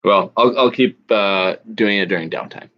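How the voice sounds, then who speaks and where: A man hosting an online trivia night, reading out questions slowly with pauses and fillers. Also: fairly low pitch. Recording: dull lo-fi audio.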